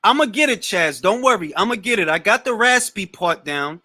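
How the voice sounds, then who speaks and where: A man's voice: high-pitched, animated, normal speed, sharp tone, no room sound, studio quality. A young man hosting a boxing talk show, answering live questions in a casual, slangy way and often repeating words as he starts a thought.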